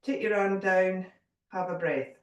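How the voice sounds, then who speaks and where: A woman guiding a yoga class, giving calm, gentle cues with a little humour. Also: mid-range voice, unhurried, distant mic. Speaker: yoga teacher. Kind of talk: guided yoga class instruction. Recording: echoey room, voice from off mic.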